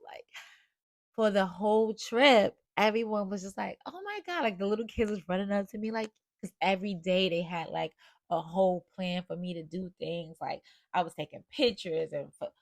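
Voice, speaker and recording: A woman speaks in a fairly low, gravelly voice in a candid vlog monologue. She talks earnestly and with feeling as a motivator and mom coach, rambling through stories with plenty of fillers. The sound is dry, with almost no room echo. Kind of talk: casual confessional vlog monologue.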